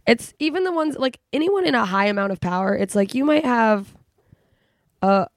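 A young woman from California hosting a podcast solo, ranting in a rambling, exasperated and profane way, full of fillers and sudden jumps in pitch. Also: lively intonation, normal speed, dry recording, studio quality. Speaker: podcast host. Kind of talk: casual solo podcast rant.

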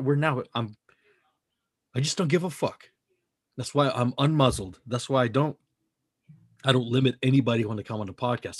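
A man's voice: medium pitch, husky, no room sound, clean studio sound. A man co-hosting a podcast, talking in a casual, profane, emphatic way that rambles from point to point. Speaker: podcast co-host.

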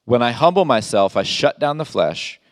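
A man's voice: mid-range voice, lively intonation, moderate pace, no room sound, studio quality. Emphatic male pastor preaching. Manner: emphatic, rhetorical questions, reads scripture aloud. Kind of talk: sermon.

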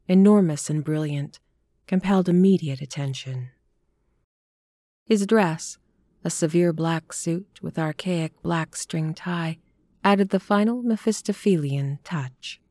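Woman narrator, horror story, measured and even, lowish voice, dry close sound. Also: dry recording.

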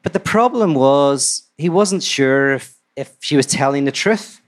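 A man telling a fairy tale to a live audience in a relaxed, conversational way with asides. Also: medium pitch, unhurried. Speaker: storyteller. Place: live talk before an audience.

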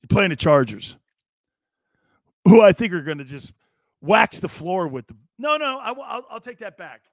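A man's voice: high-pitched, very animated, moderate pace, no echo, studio quality. A man in his fifties hosting a live sports talk show, ranting in a brash, sarcastic and blunt way.

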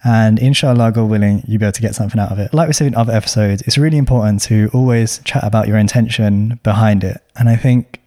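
Casting: young man, mellow tone, chatty podcast host, full of slang. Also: on the low side, fast talker, few pauses. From London. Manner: chatty, with lots of slang and fillers. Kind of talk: casual advice chat.

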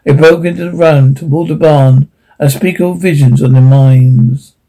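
A man narrating a short story aloud, with a halting delivery that stumbles over words. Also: fairly high pitch, steady tone, mellow, poor audio. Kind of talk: storybook reading.

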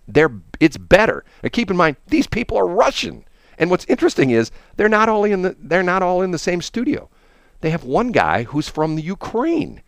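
Animated, rambling male radio host. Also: fairly high pitch, no echo. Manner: rambling, enthusiastic storytelling with many restarts. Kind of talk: casual chat.

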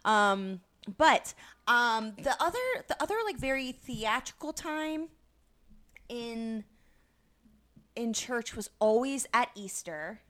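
Rambling, animated young woman co-host. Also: a little high, slow. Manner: rambling and animated, full of "like" and swearing. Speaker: podcast co-host. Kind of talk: casual chat.

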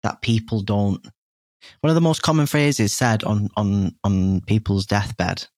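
A man's voice: on the low side, fairly even intonation, measured pace, a little mellow, dry recording, clean studio sound. A man, a podcast guest frankly telling a personal story and often restarting his sentences. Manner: earnest, frank, full of restarts and "you know".

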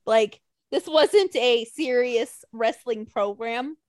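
A woman's voice: a little high, takes it slowly, darkish tone, no echo, clean studio sound. A young woman co-hosting a casual podcast, ranting with lots of swearing and mocking put-on quotes. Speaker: podcast co-host. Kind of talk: casual chat.

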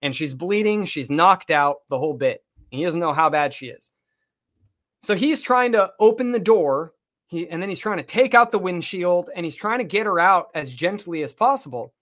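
Man, casual storytelling, animated, swears a lot, acts out dialogue, podcast mic. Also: high-pitched, moderate pace. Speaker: podcast guest telling a story.

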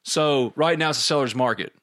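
A man's voice: medium pitch, fairly quick, fairly bright tone. A middle-aged man hosting a podcast, chatting casually and reading listener questions aloud.

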